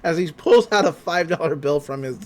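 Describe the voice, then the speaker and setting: A man hosting a podcast, casually recapping an episode in an animated way, laughing and acting out the characters. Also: fairly high pitch, fairly quick, slight background noise.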